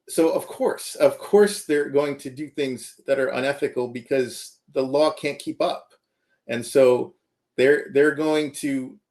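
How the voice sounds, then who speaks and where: Earnest male professor being interviewed. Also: mid-range voice. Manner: earnest, checks in with "right?". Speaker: computer science professor, guest. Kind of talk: interview answers.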